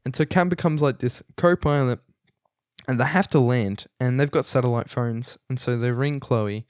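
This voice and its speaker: Young male host, casual rambling film review, mid pitch, dry close sound, lots of ums and restarts. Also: moderate pace, smooth, no room sound. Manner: chatty, many fillers and restarts, amused.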